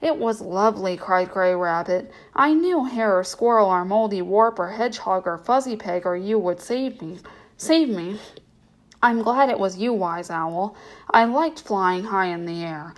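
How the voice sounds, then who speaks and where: A woman's voice: medium pitch, measured pace, natural voice. A woman doing a brave little rabbit. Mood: excited. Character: brave little female rabbit, gentle and eager.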